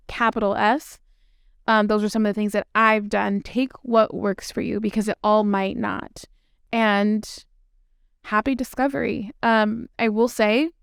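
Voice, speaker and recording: A woman's voice: mid-range voice, clear, resonant tone, no room sound, studio quality. A woman hosting a solo podcast, talking in a chatty, reflective way with frequent fillers. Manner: chatty, with frequent likes and ums. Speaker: podcast host.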